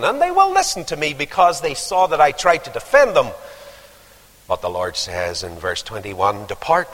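A man preaching in a high, very lively voice, swooping up and down as he acts out his stories. His sermon rings through a large hall with a long echo. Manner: animated storytelling, acting out voices.

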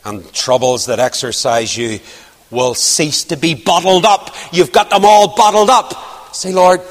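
A man preaching a sermon, emphatic, rising to near-shouts on key points. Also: fairly high pitch, measured pace, in a large hall.

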